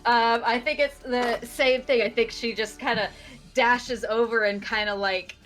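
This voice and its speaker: A woman's voice: fairly high pitch, fairly even intonation, unhurried, fairly bright tone, soft background music, poor audio. A woman playing a tabletop game, talking hesitantly as she thinks aloud. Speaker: player.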